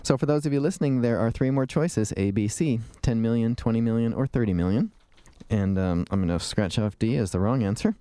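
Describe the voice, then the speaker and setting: A man's voice: medium pitch, fairly quick, mellow, clear, resonant tone, dry recording. A man hosting a radio talk show as a dentist, chatting in a rambling way with fillers and restarts from a studio.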